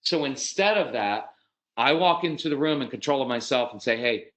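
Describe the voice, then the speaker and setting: A man gives a conversational parenting seminar, addressing his audience directly, asking them questions and animatedly acting out quoted dialogue. His voice is medium-pitched and brisk. The audio quality is poor.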